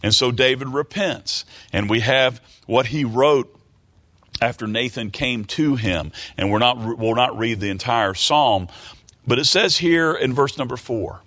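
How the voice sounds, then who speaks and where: A male preacher delivering a sermon at a middle pitch. He reads verses slowly and then explains them in his own words. His voice sinks low and soft for the confessions and climbs sharply when he stresses a point. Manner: drops low and quiet in confession, rises emphatic on key words; repeats phrases and stammers while working through a thought. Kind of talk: sermon, reading and expounding scripture.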